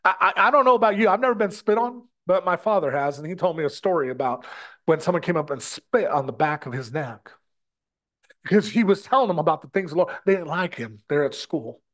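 Impassioned preacher man, lively pitch. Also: fairly quick. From United States. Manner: impassioned, repeats words, addresses brothers and sisters. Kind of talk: sermon.

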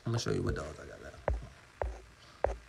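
A man's voice: sits low, animated, measured pace, creaky, noisy background. A man on a live phone stream, talking loosely with lots of profanity while his dogs are around. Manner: loose, profane street talk. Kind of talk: casual live-stream talk.

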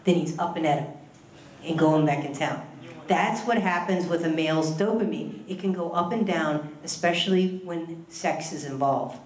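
A woman's voice: deep voice, moderate pace. A woman giving a casual live talk about the science of love to an audience, chatty and storytelling. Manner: chatty, tells stories with acted quotes. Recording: echoey room.

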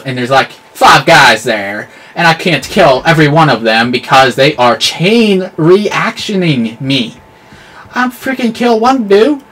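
Excitable gamer man, lively and bright. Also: fairly high pitch, breathy edge. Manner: excitable, yelling at the game, clean substitute swears. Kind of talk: live gameplay commentary.

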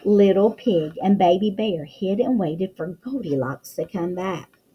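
A woman's voice: lowish voice, animated, measured pace, husky, dull audio. A woman teacher reading a picture book aloud to young children, full of exclamations and questions to the listener.

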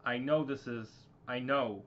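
A man voicing God as a fatherly ruler in a homemade story, speaking slowly and haltingly on a dull lo-fi recording. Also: mid-range voice, a little hiss or hum, close to an everyday voice.

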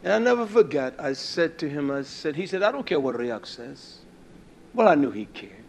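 A man preaching in a blunt, scolding manner, his voice sitting a little high for a man. He drops to near-hushed asides, then climbs into loud, emphatic passages. A faint hiss runs underneath. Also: big pitch swings, normal speed, vocal fry. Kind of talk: sermon.

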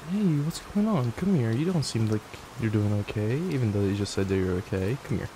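A young man in a whispered role-play as a boyfriend, gentle, affectionate and reassuring, speaking into a desk microphone at home. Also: on the low side, animated, fairly quick, noisy background. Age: young adult. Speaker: ASMR creator. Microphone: desk microphone at a gaming setup.

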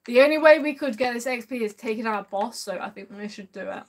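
A woman live-streaming a game, chatting warmly and excitably with her viewers and drawling a repeated sing-song catchphrase. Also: a little high, quick pace. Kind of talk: live gameplay commentary.

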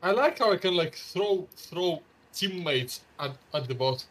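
A man chatting casually while playing a co-op game, excitable and often repeating words. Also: high-pitched, measured pace. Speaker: gamer playing co-op.

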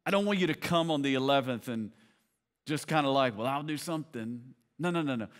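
A man's voice: medium pitch, lively intonation, fast talker, clean tone. A man in his thirties preaching a sermon, moving from easy storytelling to fervent preaching. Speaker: pastor. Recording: reverberant hall.

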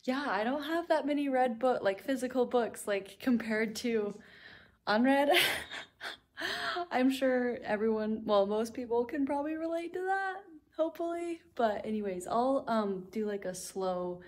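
A woman's voice: on the high side, expressive, a little slow, a little mellow. A young woman chatting casually in a home vlog, giggly and full of fillers. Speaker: book vlogger. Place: home library room.

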